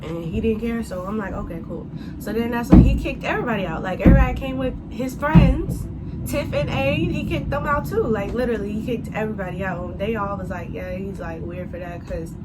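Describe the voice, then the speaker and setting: A woman telling a casual storytime to her viewers, animated and swearing freely as she addresses them as y'all. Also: on the high side, fairly quick, very noisy. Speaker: vlogger.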